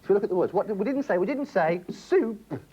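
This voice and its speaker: A man's voice: high-pitched, fast. A man hosting a TV game show in a studio with an audience, teasing the contestants and cracking jokes. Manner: teasing, jokey, animated. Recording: lo-fi early 90s TV broadcast, audience noise.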